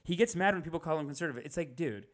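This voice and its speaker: A young man riffing in a comedic rant, animated, slipping into higher mocking impressions. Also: very fast.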